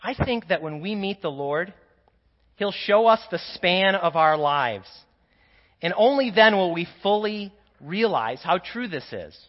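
A high-pitched man preaching as a priest in a church sanctuary. His earnest storytelling rings out with a long echo, then drops to hushed asides. The recording sounds muffled and dull. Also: lively intonation, a little slow. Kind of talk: sermon.

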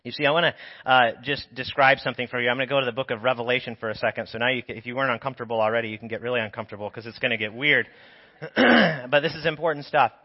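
A man's voice: mid-range voice, very fast. A man preaching a sermon in a church, talking through the passage in a conversational, explanatory way while nursing a sore throat. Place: church sanctuary. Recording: dull lo-fi sound with long church reverb.

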